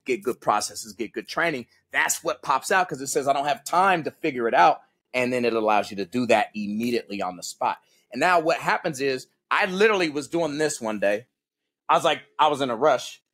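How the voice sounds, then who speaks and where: A man with a mid-range voice talks a little fast as a guest on a podcast, where he appears as a combat coach. He tells stories casually and animatedly, acting out quoted lines and peppering his talk with "right?" and "bro".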